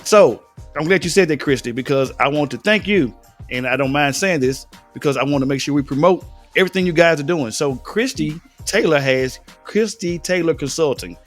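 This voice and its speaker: A man hosting a casual interview, chatty and quick with short affirmations. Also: a little high, lively intonation, faint music behind. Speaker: host.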